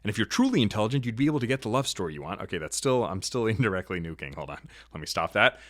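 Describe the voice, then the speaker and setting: Lively lecturing man, low voice. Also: rapid-fire, no echo, studio quality. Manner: assertive, lecturing, shifts pitch and volume often. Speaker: podcast host. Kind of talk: casual opinionated monologue.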